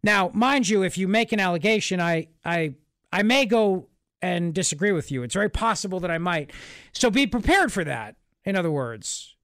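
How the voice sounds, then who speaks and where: In an emphatic, sarcastic monologue, a male talk radio host with a high, fairly bright voice drives his points home through repetition, with lively intonation at a normal speed. His studio mic is close and dry, with no room sound at all.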